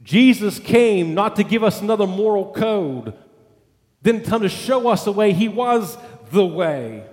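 A man's voice: high-pitched, lively intonation, a little slow, darkish tone, echoey room, long reverb tail. A male pastor preaching a sermon, emphatic, building points through repeated lists.

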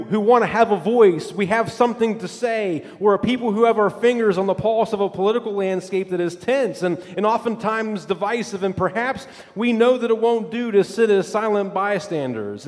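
High-voiced preacher in a reverberant hall. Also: male voice. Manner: repetitive, emphatic cadence, drops voice low and soft for scripture. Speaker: pastor. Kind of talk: sermon. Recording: long reverb of a large hall.

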